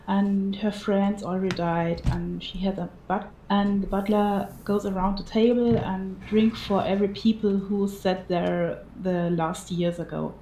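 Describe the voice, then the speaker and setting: German lady from bavaria, slow broken english, gravelly, echoey room. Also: mid-range voice, flat delivery, mellow, slight background noise. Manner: halting, simple English with fillers. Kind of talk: casual chat.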